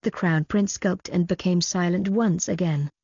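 Low, husky woman narrating a story. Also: steady tone, moderate pace, dark tone, dry recording. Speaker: audiobook narrator. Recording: dull lo-fi audio.

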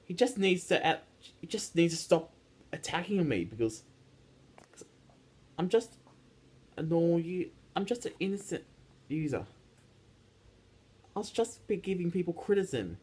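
A man's voice: sits high, sing-song, moderate pace, pauses often, a little mellow, breathy edge. A teenage boy ranting casually to his viewers, rambling with frequent restarts and repeated words. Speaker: YouTube ranter. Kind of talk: casual rant vlog.

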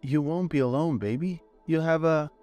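A man voicing a frail, forgiving mother who speaks softly and reassuringly. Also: on the high side, normal speed, faint music behind, pitched above the performer's own voice, close to an everyday voice. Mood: tender. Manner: soft, reassuring.

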